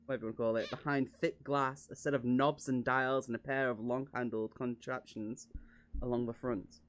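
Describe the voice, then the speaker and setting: A man reading a novel aloud on a stream, in a middling, ordinary pitch. He reads casually, chats between passages and laughs at his own slips as he corrects them. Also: fairly bright tone. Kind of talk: casual read-along narration.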